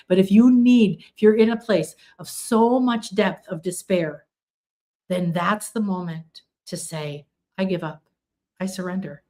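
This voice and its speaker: An earnest middle-aged woman gives a motivational spiritual healing talk at an ordinary pitch. She stacks long, repeating lists and slips into a higher voice to act out the pleas she quotes. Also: warm tone.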